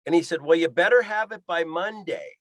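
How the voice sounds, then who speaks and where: Lively storytelling man, slightly high voice. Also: brisk, no room sound. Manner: acts out voices in quoted dialogue. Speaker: guest, pilot and fishing guide. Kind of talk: animated storytelling.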